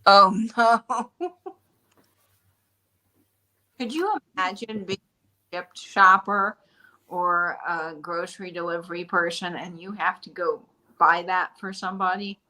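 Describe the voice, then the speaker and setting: A woman hosting a casual live-stream chat, telling stories in an animated, chatty way. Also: lowish voice, slow, long pauses, low-quality recording. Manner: chatty storyteller, animated retelling. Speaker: shop host.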